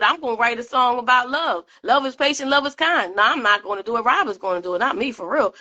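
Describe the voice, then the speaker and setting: A woman's voice: on the high side, lively intonation, fast, few pauses, pushed and bright. A middle-aged woman leading a fervent, conversational spoken prayer with lots of repetition. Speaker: prayer leader.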